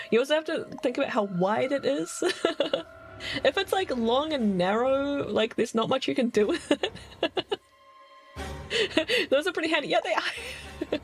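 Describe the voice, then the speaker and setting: A woman with a noticeable accent chats casually on a game stream, giggling constantly as she answers her chat. Her voice sits a little high and swings widely in pitch. She takes her time with her words while faint game music plays behind her. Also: expressive, measured pace, long pauses, low-quality recording. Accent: non-standard accent.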